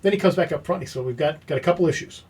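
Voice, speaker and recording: A man's voice: on the high side, rapid-fire, breathy edge. A man hosting a podcast, telling a story in casual chat and acting out the quoted dialogue. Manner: animated, acts out quoted dialogue. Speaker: podcast host.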